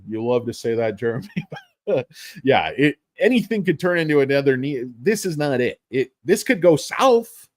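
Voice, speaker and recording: A man's voice: on the high side, darkish tone, no echo. Middle-aged stock guy rambling and swearing, dry close mic. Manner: rambling, profane, self-mocking. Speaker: stock market streamer. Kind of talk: casual livestream chat.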